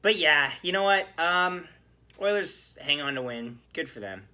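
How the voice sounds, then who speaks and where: On his podcast, a man with a bright, forceful, slightly high voice reacts solo to a hockey game at a measured pace. He rants and curses in animated bursts before easing back into casual chatter.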